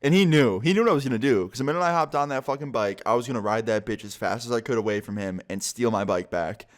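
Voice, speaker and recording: A man's voice: mid-range voice, quick pace. A young man telling a casual, profane storytime to his viewers and acting out the quotes. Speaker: vlogger.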